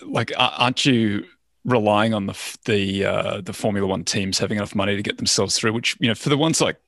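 Man, podcast co-host, low voice, questioning, dry close sound. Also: a little fast, a bit bright, no room sound. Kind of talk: casual chat.

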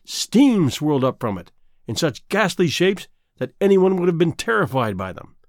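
A man reads a fairy tale aloud with expressive, measured storytelling. His voice sits a little high and moves up and down with lively inflection. It is recorded close and dry. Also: no echo. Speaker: narrator. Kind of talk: storybook reading.

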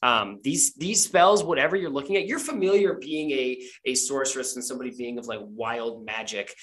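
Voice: mid-range voice, brisk, fairly bright tone. A game master narrating a tabletop game, describing scenes in a rambling way full of fillers.

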